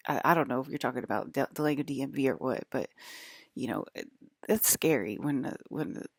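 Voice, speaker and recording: A low-pitched woman with a gravelly, creaky voice talks straight to her audience. She drifts from one thought to the next, stopping and restarting sentences. The sound is dry and close. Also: fairly quick, dry recording. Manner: rambling, restarts, drifts between topics. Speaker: broadcaster. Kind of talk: rambling monologue to viewers.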